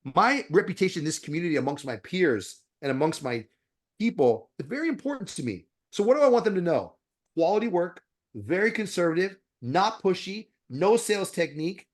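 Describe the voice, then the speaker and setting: A man's voice: high voice, brisk. A middle-aged man from Florida, a dentist talking bluntly in an interview, swearing freely and acting out conversations with patients. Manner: blunt, profane, animated, acts out quoted exchanges. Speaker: dentist and guest.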